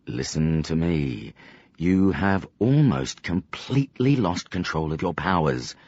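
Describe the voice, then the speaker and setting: A man voicing a stern older male magician who acts as a calm mentor, speaking in a slow, measured, commanding way. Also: deep voice, no room sound, lo-fi sound, heavily acted. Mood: instructive.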